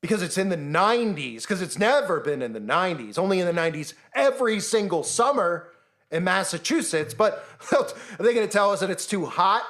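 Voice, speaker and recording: Channel host, male, higher-pitched voice, sarcastic ranting commentary. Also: fairly bright tone. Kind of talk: conspiracy commentary monologue.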